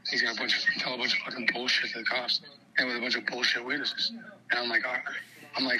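A man's voice: mid-range voice, little pitch movement, fast talker, noisy background. A man on a call, telling a heated story in a rambling, profane, agitated way. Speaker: caller telling his story. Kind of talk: heated phone chat.

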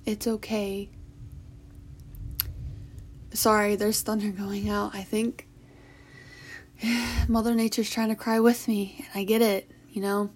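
A young adult woman telling a personal story in a halting, emotional way, with sighs and restarts. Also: fairly high pitch, a little mellow, breathy edge. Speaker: vlogger. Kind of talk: personal confessional talk.

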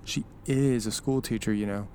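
An actor playing a laid-back young male gravedigger who talks in a relaxed, casual way and swears offhandedly. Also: on the low side, normal speed, slight background noise, lightly acted.

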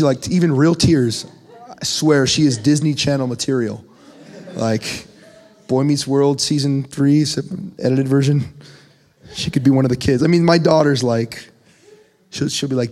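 A young man preaching a conversational sermon, his voice climbing in pitch when he presses a point. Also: normal speed, a little mellow. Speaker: pastor. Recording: long hall reverb.

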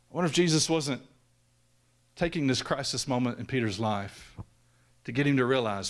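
A man preaching a sermon, swinging from loud raised peaks down to hushed, low lines. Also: lively intonation, normal speed, pauses often.

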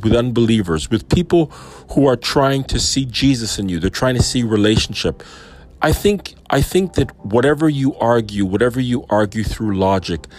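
A man speaking in a reflective personal monologue about faith, thoughtful and questioning, with frequent pauses and fillers. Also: mid-range voice. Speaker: Christian believer reflecting on a sermon.

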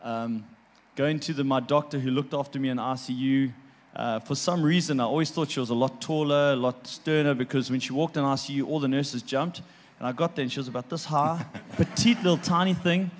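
A man speaking as a guest with a middle-pitched voice, telling his own story. He talks in a heartfelt, halting way, often repeating words as he searches for them. He laughs lightly between memories. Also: fairly even intonation. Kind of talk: personal storytelling.

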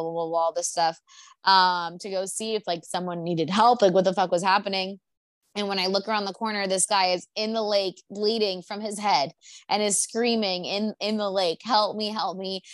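A young woman chats casually from her apartment, rambling through a story full of filler words and swearing. Her voice sits at a middle pitch, and the sound is close and dry with no room echo. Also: a bit bright. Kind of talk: casual chat.

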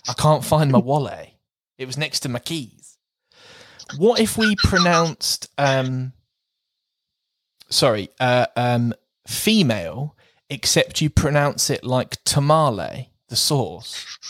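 A man chats on a podcast in a slow, unhurried way, often breaking into laughter as he toys with words. His voice sits at a middle pitch and is recorded close and dry. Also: animated, a bit bright, no room sound. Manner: playful, laughs often, reads out word jokes slowly. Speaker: podcast co-host. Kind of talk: casual chat.

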